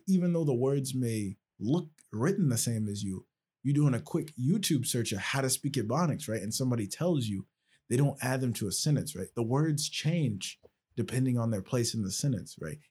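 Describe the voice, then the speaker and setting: A man's voice: medium pitch, darkish tone, husky. A male podcast host talking casually and explaining at length, checking in often with "right?". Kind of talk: casual conversational podcast talk.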